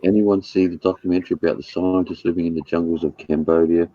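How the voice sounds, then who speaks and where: A man's voice: sits low, fairly even intonation, fast talker, no room sound, highs cut off. An Australian man chatting casually, blunt and rambling, swearing freely. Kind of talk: casual chat.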